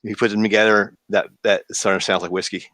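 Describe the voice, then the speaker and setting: A man's voice: fairly low pitch, level tone, fast talker, fairly bright tone, no echo. A man joking and rambling in a casual online group voice chat. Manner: joking, rambling, puts on accents. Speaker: chat room participant.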